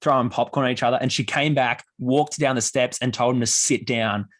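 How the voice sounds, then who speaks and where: Young male podcast host, animated storyteller, mid pitch. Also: brisk. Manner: animated storyteller, acts out quoted voices. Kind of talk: casual podcast chat.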